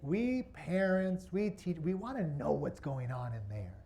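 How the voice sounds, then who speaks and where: A man's voice: fairly high pitch, lively intonation, measured pace, warm tone. A man presenting a workshop to an audience, asking rhetorical questions as he teaches. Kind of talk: interactive teaching talk.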